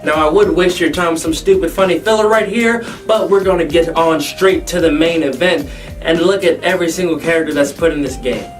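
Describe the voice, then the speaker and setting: A man hosting a hyped gaming video, energetic and jokey with self-mocking asides. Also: a little high, a little fast. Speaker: host. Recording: distant mic with music. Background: background music.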